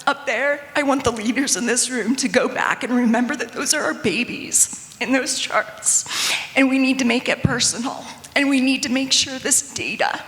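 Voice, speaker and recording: A woman's voice: fairly high pitch, fairly bright tone. A woman speaking as a parent advocate in an audience, earnest and emotional, her voice close to tears. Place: conference hall. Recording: long reverb of a large hall.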